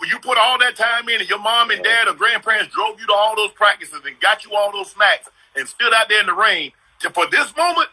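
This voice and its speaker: Middle-aged guy hosting a video call chat, kinda high, husky, real punchy storyteller. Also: animated, brisk, hardly any pauses, sharp tone, low-quality recording. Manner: storytelling, emphatic, slangy. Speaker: host. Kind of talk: casual chat.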